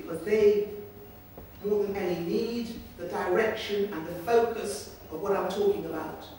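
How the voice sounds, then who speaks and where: A woman speaks to a gathering in a large meeting room, telling stories and slipping into the voices of the people in them. Her mid-range voice carries from a distance, and it rings around the very echoey hall with a faint hiss underneath. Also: medium pitch. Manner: lively storyteller who acts out voices. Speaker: campaign speaker. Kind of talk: storytelling speech.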